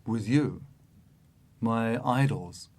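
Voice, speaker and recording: A man softly quoting a famous male boxer who addresses a lecture hall in a quiet, gentle voice. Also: mid-range voice, very slow.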